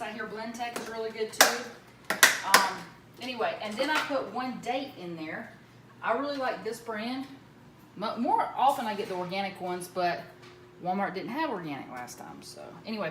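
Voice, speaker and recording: A woman chatting casually as she demonstrates a recipe in her home kitchen, rambling with plenty of fillers and asides. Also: a little high. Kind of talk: casual cooking demo. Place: home kitchen with running water. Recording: echoey room, mic at a distance, loud background noise.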